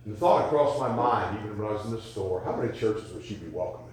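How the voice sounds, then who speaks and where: A man preaching a sermon, telling folksy stories and rising to loud, emphatic questions. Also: fairly low pitch, lively intonation, fast, slight background noise. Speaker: pastor. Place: church sanctuary. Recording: echoey church sanctuary.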